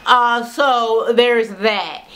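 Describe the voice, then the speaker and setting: A woman's voice: on the high side, steady tone, extremely slow, sharp tone. A woman casually recapping a reality TV show, sassy, gossipy and heavily profane.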